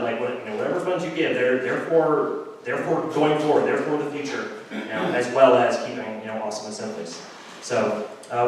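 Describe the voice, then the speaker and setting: A man's voice: medium pitch, a little hiss or hum. A man giving a casual, unscripted appeal for donations at a community assembly, rambling with many fillers and restarts. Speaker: assembly speaker asking for donations. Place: large hall at a community assembly. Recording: echoey hall from far off.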